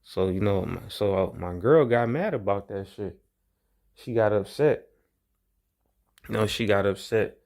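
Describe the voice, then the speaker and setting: A man's voice: fairly low pitch, measured pace, long pauses, darkish tone. A young man casually telling a long personal story, rambling and profane, repeating his phrases as he goes. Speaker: vlogger.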